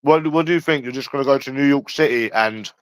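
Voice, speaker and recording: A man's voice: mid-range voice, fast talker, smooth, no room sound, low-quality recording. A man ranting casually on a livestream, blunt and profane, talking straight to a viewer in chat. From England. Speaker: livestream host.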